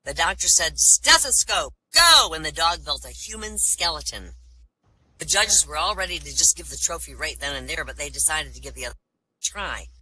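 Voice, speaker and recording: A woman's voice: a little fast, husky, low-quality recording. A woman telling jokes at a voice comedy show, acting out the characters with big jumps in her voice. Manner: animated, acts out characters with big pitch jumps. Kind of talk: live comedy joke-telling.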